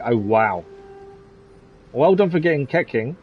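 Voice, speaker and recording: A man's voice: mid-range voice, expressive, normal speed, a little mellow, slight background noise. Chatty man streaming a game. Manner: chatty, chuckles often, talks to the chat. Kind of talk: casual live stream commentary.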